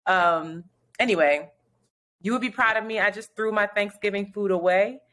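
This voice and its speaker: A woman's voice: mid-range voice, moderate pace, a bit bright, a little hiss or hum. A woman co-hosting a podcast in casual chat, laughing often and acting out voices when she tells a story. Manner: laughs often, acts out voices in her stories. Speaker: podcast co-host. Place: New York.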